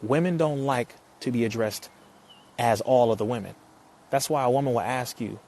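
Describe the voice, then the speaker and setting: A young man from California, hosting a casual livestream. He energetically reads viewer comments aloud, shouts out their cities, and often laughs between phrases. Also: mid-range voice, normal speed. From Compton, California. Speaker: live-stream host. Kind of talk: casual live-stream chat.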